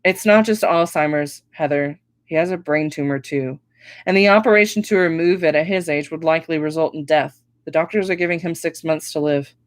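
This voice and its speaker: A woman's voice: low voice, a little fast, dry recording, studio quality, natural voice. A woman reading a firm, weary mother. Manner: firm, final.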